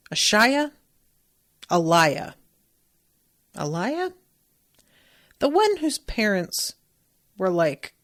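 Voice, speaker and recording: A woman hosting a book podcast, recapping chapters in a chatty, casual way, swearing freely and reading passages aloud. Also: lowish voice. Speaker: podcast host.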